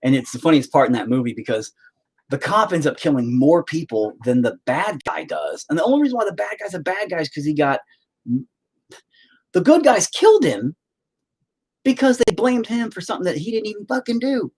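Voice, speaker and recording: A man's voice: on the high side, very animated, a little fast, darkish tone, breathy edge. A man hosting a livestream in casual chat, rambling and teasing the viewers with lots of profanity. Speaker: livestream host.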